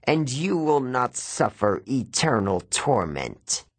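A menacing female Fury with a Southern drawl, as a man puts her on, drawing each threat out slowly. Her voice has a husky grain and sits dry and close, as in a storybook reading. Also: medium pitch, very animated, dry recording, heavily acted. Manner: slow, drawn-out, threatening. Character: menacing female Fury, demon in teacher form.

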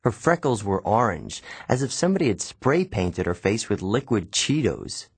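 Husky guy reading a story aloud, super animated delivery, wry, dry close mic. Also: lowish voice, moderate pace, no room sound. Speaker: audiobook narrator. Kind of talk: first-person novel narration.

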